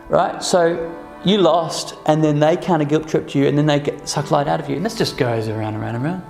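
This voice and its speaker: A man's voice: on the high side, a little fast, creaky, few pauses, darkish tone, echoey room, soft background music. A man giving a casual workshop talk to a live group, keeping it conversational and checking in with the listeners through frequent "okay?" and "right?" asides. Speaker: workshop presenter.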